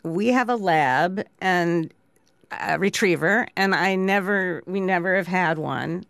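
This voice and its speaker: A woman's voice: lowish voice, takes it slowly, gravelly, a bit bright, no room sound. A woman co-hosting a podcast, telling a wry little story in casual chat.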